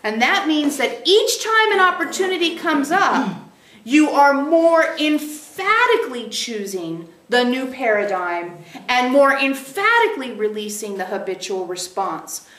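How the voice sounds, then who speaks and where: A woman's voice: sits high, big pitch swings, measured pace, a bit bright. A woman channeler giving an emphatic teaching to a small group, stressing points by repeating them. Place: meeting room with a group of listeners. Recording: roomy echo.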